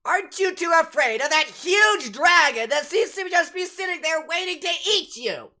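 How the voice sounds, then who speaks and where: A woman voicing a fussy talking cat that scolds the adventurers in a high, loud voice. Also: animated, moderate pace, heavily acted. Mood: scolding.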